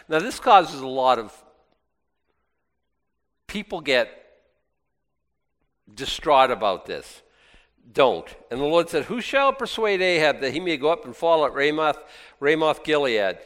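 A man preaching a sermon, reading scripture aloud and breaking into lively, sarcastic asides. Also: on the high side, unhurried, pauses often. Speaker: pastor. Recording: long hall reverb.

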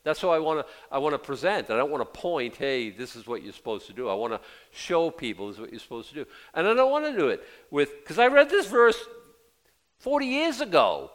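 A man's voice: a little high, wildly swooping pitch, brisk. An older man in his sixties preaching a sermon in a conversational way, acting out quotes in little voices. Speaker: pastor.

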